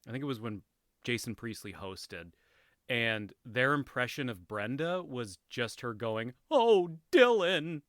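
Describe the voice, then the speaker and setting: Bright-voiced man rambling through a recap. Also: medium pitch, unhurried, dry recording, studio quality. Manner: rambling and amused, with many fillers and restarts. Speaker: podcast host. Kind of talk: casual episode recap chat.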